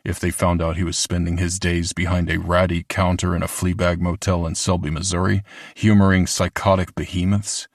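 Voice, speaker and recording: A man narrating an audiobook with steady, even storytelling. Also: low-pitched, moderate pace, no echo, studio quality. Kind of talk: scripted narration.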